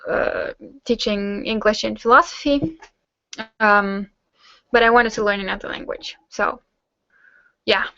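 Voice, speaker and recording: A woman's voice: mid-range voice, creaky, fairly bright tone, no room sound, dull audio. A young German woman hosting a casual Q&A hangout, chatting with lots of fillers and restarts. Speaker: host; teacher-training student.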